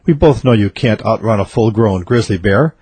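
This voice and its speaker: A man's voice: fairly low pitch, lively intonation, normal speed, darkish tone, slightly rough, no room sound. A man voicing a puzzled male biologist up a tree, incredulous at his partner, in a joke.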